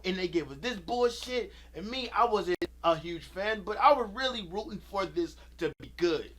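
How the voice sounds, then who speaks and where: A man's voice: high voice, animated, moderate pace, few pauses, fairly bright tone. A man giving an angry, profane rant about a movie, repeating himself as he vents. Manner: heated, profane, repetitive ranting. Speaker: video creator.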